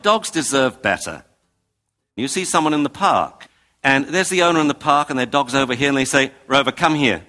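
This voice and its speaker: A man from England giving a recorded talk, animated and comic, acting out scenes. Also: medium pitch, a little fast, soft background music. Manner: animated, comic, acts out owners. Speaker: speaker.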